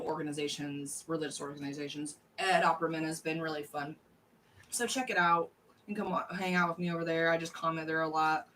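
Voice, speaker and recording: A woman with a fairly low voice chats loosely to her livestream audience, rambling and blunt, swearing freely. She sits some distance from the mic, and a faint background noise runs under her talk. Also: a bit bright. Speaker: livestream host. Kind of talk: casual livestream chat.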